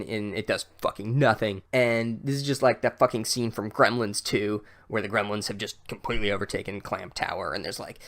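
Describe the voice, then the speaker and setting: A man hosting a comedic book recap podcast, talking in a sarcastic, profane, rambling way. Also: on the low side. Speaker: podcast host.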